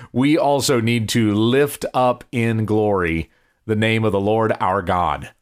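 A man's voice: on the low side, fairly even intonation, slow, clear, resonant tone. A man from the Southern United States, a pastor hosting a listener-questions podcast in an easygoing, teaching-meets-banter manner. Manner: easygoing, chuckles often, shifts from teaching to banter. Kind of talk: relaxed Q&A podcast chat.

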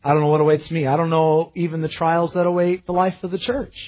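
A man preaching a sermon to his church, earnest, rising to loud pleading and dropping to quiet asides. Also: fairly high pitch, flat delivery, fast talker, dull audio. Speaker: pastor.

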